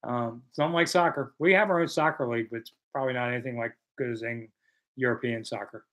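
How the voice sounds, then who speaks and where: A man's voice: medium pitch, fast, a bit bright. A man in his sixties from the American South, hosting a casual live chat, reading viewer questions and answering with self-deprecating humor. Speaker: host.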